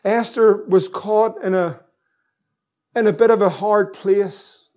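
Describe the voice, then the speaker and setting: A middle-aged Northern Irish pastor preaching with fervour, pushing up into shouts at the peaks. His voice sits high for a man. The recording is dull and lo-fi. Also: steady tone, takes it slowly. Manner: impassioned, rising to shouts, acts out the devil's voice. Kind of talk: sermon.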